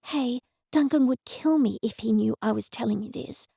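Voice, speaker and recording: A woman voicing a friend who passes on gossip in a hushed, eager way. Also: on the high side, normal speed, creaky, husky, dry recording, studio quality, heavily acted.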